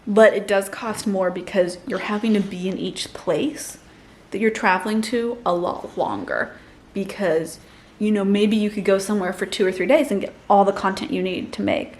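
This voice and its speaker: A woman's voice: medium pitch, normal speed, slight background noise. A woman in her thirties chatting casually to camera as a mother and vlogger, laughing often and cooing to her baby between tips.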